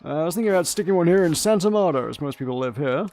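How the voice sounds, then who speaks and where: A man's voice: on the high side, lively intonation, rapid-fire, a little mellow, faint music behind. A man reading the lines of a kindly, teasing grandmother character from a narrative game, in a casual read-aloud manner.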